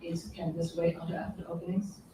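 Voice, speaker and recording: A woman commissioner presiding over a hearing, reading out procedure in a formal, measured and firm way. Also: lowish voice, little pitch movement, mellow, poor audio.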